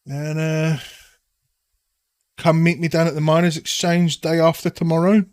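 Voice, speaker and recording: A man's voice: fairly high pitch, flat delivery, unhurried, a little mellow, smooth, no echo, clean studio sound, voice pushed up, lightly acted. A man voicing a generous, hearty male patron in a put-on Cockney accent in a tabletop game. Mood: businesslike.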